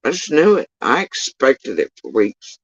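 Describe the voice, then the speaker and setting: A man telling a story in casual livestream talk, rambling and swearing, with sudden high bursts when he quotes people. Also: unhurried, husky, dry recording, rough recording. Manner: profane, rambling, animated when quoting others. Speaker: livestream talker.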